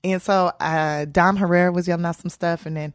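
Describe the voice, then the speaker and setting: A woman's voice: on the low side, fairly quick, clear, resonant tone, dry recording, studio quality. A woman comedian being interviewed, telling stories in a casual way and acting out the voices of people she quotes. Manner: animated storyteller, acts out quoted voices. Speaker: comedian guest.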